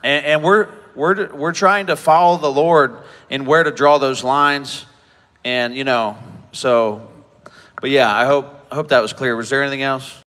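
A man giving an emotional personal testimony from a conference stage, halting and often repeating himself as he talks. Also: medium pitch, fairly even intonation, fairly bright tone, big-room sound. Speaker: preacher speaking at a conference.

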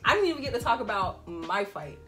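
A woman's voice: mid-range voice, sing-song, a little fast, music in the background. A woman hosting a casual Q&A video, teasing and interrupting playfully. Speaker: vlogger hosting a Q&A. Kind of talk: casual chat.

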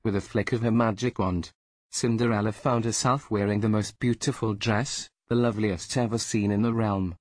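A man reading a fairy tale aloud as storyteller, slow and deliberate. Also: lowish voice, fairly even intonation, no echo.

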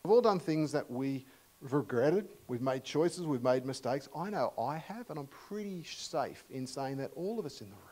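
An Australian man preaching a sermon as a visiting preacher, talking conversationally and asking the congregation questions, swinging from loud emphasis to hushed near-whispers. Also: medium pitch, lively intonation, normal speed, low-quality recording.

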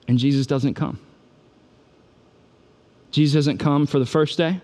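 A man's voice: a little high, steady tone, normal speed, pauses often, darkish tone. A man preaching a sermon as a pastor, retelling the story in a casual, joking way and building to urgent, repeated appeals.

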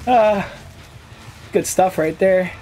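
A man's voice: high voice, slow pace, dark tone, a little hiss or hum, rough recording. A man giving casual gameplay commentary as a channel host, talking cocky trash with plenty of swearing.

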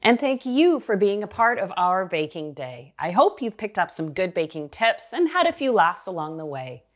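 Middle-aged woman baking host with a lowish voice, thoughtful and explanatory in casual chat. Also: very animated, moderate pace. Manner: warm, thoughtful, explains baking points at length. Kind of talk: casual chat over a video call.

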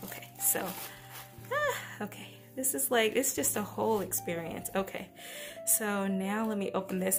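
A woman chatting casually as she unboxes and gushes over a new notebook. She often trails off mid-sentence, keeps her voice hushed at home and sometimes drops almost to a whisper. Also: medium pitch. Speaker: planner vlogger. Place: at home beside a napping baby.

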